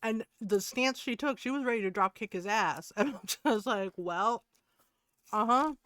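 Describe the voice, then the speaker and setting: A woman's voice: mid-range voice, moderate pace, no room sound, studio quality. A woman streamer ranting to her chat in a heated, profane way, laughing between points. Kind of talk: casual rant to stream chat.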